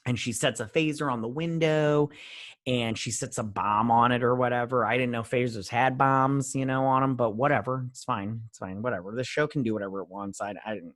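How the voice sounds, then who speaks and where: A man's voice: mid-range voice, fairly quick, no room sound, clean studio sound. A young man hosting a show, casually recapping and reviewing an episode in a rambling, dismissive way. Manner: rambling, dismissive, paraphrases scenes with "he's all like". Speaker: show host.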